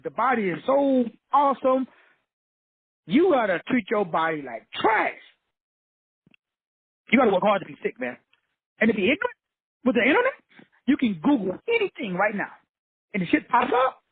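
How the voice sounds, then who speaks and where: A motivational teacher delivers a fiery, preachy, blunt lecture, repeating his points with profanity. His husky voice is extremely high with big pitch swings, at normal speed with frequent pauses, and the recording is tinny, phone-like and dry with no room sound.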